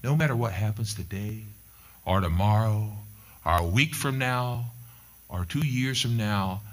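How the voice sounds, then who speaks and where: A man's voice: fairly low pitch, a little slow. A middle-aged male pastor delivering a sermon, telling stories and repeating key points for emphasis. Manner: emphatic, repetitive storytelling preacher.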